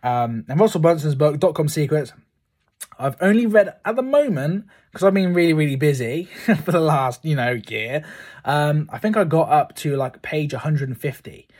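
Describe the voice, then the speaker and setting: Husky man, rapid rambling host, lots of "like", slightly higher voice. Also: expressive, darkish tone. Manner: rambling, fills talk with "like". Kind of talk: casual chat to camera. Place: room at home lined with books.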